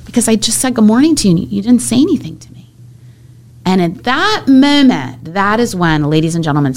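A woman who is a hotel general manager, telling workplace stories in an animated way as an interview guest. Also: lowish voice. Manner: animated, acts out coworkers' voices in anecdotes. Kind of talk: storytelling in a podcast interview.

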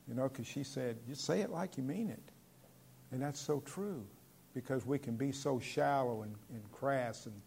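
A man preaching a sermon in an earnest, conversational way, with sudden loud stresses on key words. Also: medium pitch, creaky. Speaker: pastor.

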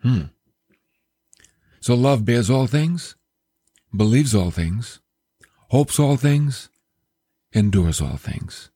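A man preaching a sermon, telling stories in a lively, self-deprecating way. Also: medium pitch, extremely slow, long pauses, husky, no echo. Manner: storytelling, animated, self-deprecating.

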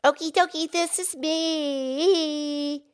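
A woman's voice: high-pitched, very slow. A woman voicing a cheerful, curious female pig who co-hosts a playful podcast and asks eager questions. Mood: bubbly. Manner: excitable, chatty, eager questions. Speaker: podcast co-host. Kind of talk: playful kids' podcast role-play.

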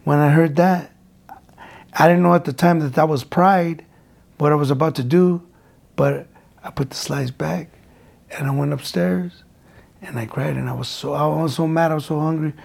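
Gravelly man telling stories casually. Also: a little high, fairly even intonation, normal speed, pauses often, a little mellow. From United States. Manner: rambling, repeats words, drops in Spanish slang. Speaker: guest, former boxer. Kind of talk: casual interview storytelling.

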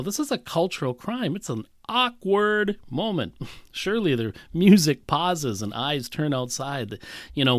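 A man preaching a sermon, animated and emphatic, with frequent rhetorical questions. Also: mid-range voice, no echo, studio quality. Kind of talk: expository sermon.

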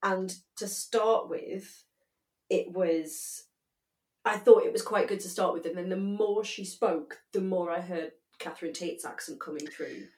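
A woman's voice: lowish voice, unhurried, a little mellow. Woman chatting in an echoey room. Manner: laughing, chatty, candid. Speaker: podcast co-host. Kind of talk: casual chat. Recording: roomy echo.

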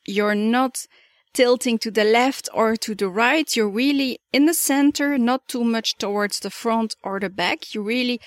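Calm, dry-voiced woman podcast host. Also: a little high, no echo. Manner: calm, instructive, measured. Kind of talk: solo podcast coaching talk.

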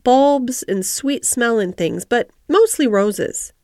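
A grumbling old Yorkshire gardener, as a woman reader puts him on, terse and slow to open up. His gruff, reluctant lines sit in a dry, close storybook recording with no room sound. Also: a little high, lively intonation, darkish tone, no echo. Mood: grudging. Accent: Yorkshire dialect. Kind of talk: audiobook character voice.

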